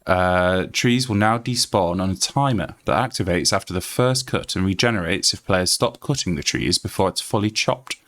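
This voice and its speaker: A Yorkshire man chatting on his game stream. His voice sits low and relaxed. He rambles freely, reads text aloud, and fills the gaps with ums and uhs. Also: normal speed, few pauses. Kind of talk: casual live-stream chat.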